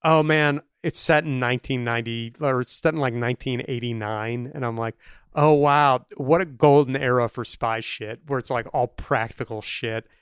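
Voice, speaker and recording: Smooth-voiced joking man on a podcast. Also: mid-range voice, fairly even intonation, normal speed, no echo, clean studio sound. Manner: joking, recounts scenes with put-on voices. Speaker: podcast co-host discussing a film. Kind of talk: casual comedic chat.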